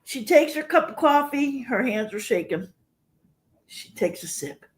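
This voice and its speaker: A woman's voice: fairly high pitch, sing-song, measured pace. An older woman hosting a livestream, chatting casually with viewers and rambling through personal stories. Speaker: livestream host.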